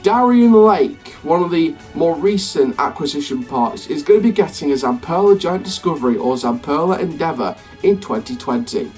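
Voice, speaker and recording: Man doing a stately American ride-announcement voice, promotional, slightly raised pitch, faint background music. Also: expressive, moderate pace, few pauses, darkish tone, lightly acted. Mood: announcing. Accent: put-on American. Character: slow grand male theme-park announcer. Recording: slightly distant mic, faint music behind.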